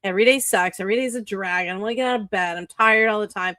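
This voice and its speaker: A woman co-hosting a casual stream, giving an animated spiritual pep talk that is full of swearing. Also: medium pitch, rapid-fire, no echo, studio quality. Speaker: co-host, author. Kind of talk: casual motivational chat.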